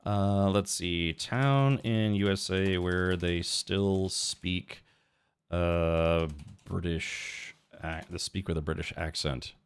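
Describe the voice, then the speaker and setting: A man's voice: low-pitched, slow pace, smooth. A man streaming a video game, chatting casually, rambling and thinking aloud with lots of fillers and restarts, and reading chat and quest text aloud. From United States. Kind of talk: casual livestream chat while gaming.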